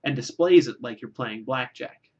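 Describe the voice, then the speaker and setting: A man's voice: medium pitch, moderate pace, a little mellow. A man delivering a rambling, self-deprecating comic monologue, with lots of filler words and restarts. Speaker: vlogger.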